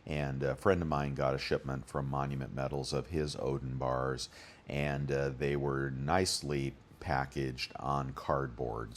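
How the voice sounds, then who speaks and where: Super deep-voiced guy rambling through deals, lots of uhs. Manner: rambling, chatty, talks through prices with many fillers. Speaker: bullion deals channel host. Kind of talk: casual screen-share commentary.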